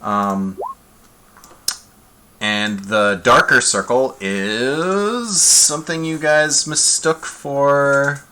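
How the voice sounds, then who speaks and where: A man's voice: medium pitch, very slow, sharp tone, slight background noise. A man running a tabletop game as game master, laid-back and chatty, on a desk mic.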